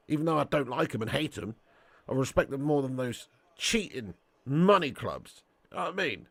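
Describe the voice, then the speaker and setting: A man hosting a live football watch-along, giving commentary and reading out chat in an excitable, slangy way with indignant outbursts. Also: medium pitch, moderate pace, creaky, no echo. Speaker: match watch-along host.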